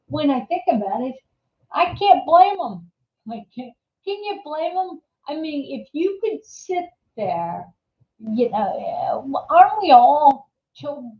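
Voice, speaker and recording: A woman host chatting live in a slow, rambling way, full of restarts and amused asides. Her voice sits a bit high. The sound is dull and lo-fi, in an echoey room. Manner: rambling, many fillers and restarts; laughs easily, amused storytelling. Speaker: host of a live viewer chat show. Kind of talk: casual live-stream chat.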